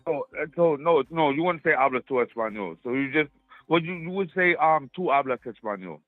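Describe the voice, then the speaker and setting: A man calling in over a tinny phone line, talking in a laid-back, slangy way. His voice is a little high and dry. Faint music sits behind the call. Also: lively intonation, brisk, no room sound. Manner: laid-back slangy explaining, many fillers. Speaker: caller.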